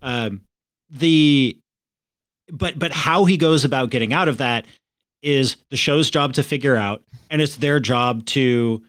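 A man's voice: mid-range voice, measured pace, a bit bright, dry recording. A man co-hosting a podcast, analysing a TV series in a casual way with filler words. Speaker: podcast co-host.

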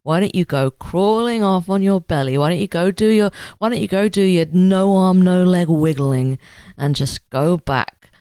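A woman voicing an arrogant Roman general who loudly hurls contemptuous insults. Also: fairly low pitch, normal speed, clean tone, no room sound, natural voice. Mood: scornful.

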